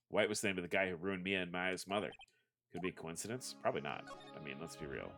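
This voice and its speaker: A man's voice: low voice, expressive, quick pace, music in the background. A man livestreaming a courtroom game, reading the hero's lines aloud and adding self-mocking asides. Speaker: streamer.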